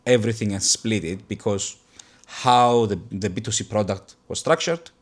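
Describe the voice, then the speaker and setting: A podcast host with a low voice leads a casual business conversation, speaking thoughtfully with halting restarts.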